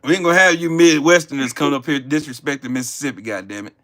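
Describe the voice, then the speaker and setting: A man voicing a blustering, cussing political heckler in a gruff, lower voice that keeps calling people buddy. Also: fast talker, sharp tone. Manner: gruff and lower-pitched than his own talk, calls everyone buddy.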